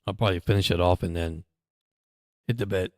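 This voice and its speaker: A man's voice: sits low, brisk, dry recording, clean studio sound. Chatty man calling a game live. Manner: chatty, excitable during plays. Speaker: livestream host. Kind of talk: casual live game commentary.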